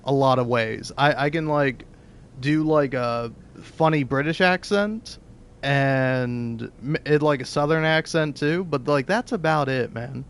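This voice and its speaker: A man's voice: mid-range voice, measured pace, clear, resonant tone. Rambling, cursing man streaming a game. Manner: rambling, self-deprecating, swears freely. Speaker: streamer playing a narrative game. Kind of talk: let's play commentary.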